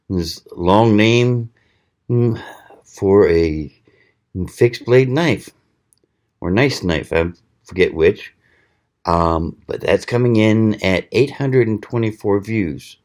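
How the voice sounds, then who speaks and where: A man hosting his own channel, talking casually in a slow, rambling way with many pauses and fillers. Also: fairly low pitch, darkish tone. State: hiccuping. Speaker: channel host. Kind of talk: casual knife review vlog.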